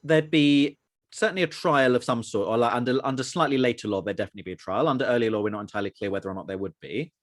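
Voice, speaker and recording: A man's voice: medium pitch, racing, no echo. A man leading a religious study session, explaining texts at length and putting questions to the group. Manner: explanatory, asks the group questions, many fillers. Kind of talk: teaching a group discussion.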